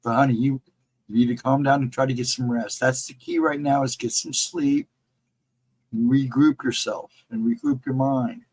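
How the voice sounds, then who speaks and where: Husky man giving earnest encouragement. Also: medium pitch, steady tone, moderate pace, darkish tone, low-quality recording. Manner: earnest, encouraging, repeats advice. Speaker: livestream co-host. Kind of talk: casual supportive chat.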